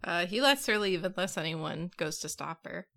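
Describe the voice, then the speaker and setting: Woman running the tabletop game, bit low, bright forceful tone, lots of ums. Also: animated, moderate pace, vocal fry. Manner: hesitant, with fillers. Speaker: game master.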